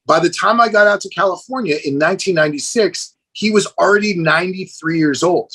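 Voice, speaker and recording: Speaking briskly with hardly any pauses, this American middle-aged fitness trainer has a high, slightly rough voice. As a podcast interview guest he's an enthusiastic, animated storyteller who keeps calling the host "dude", though the audio quality is poor.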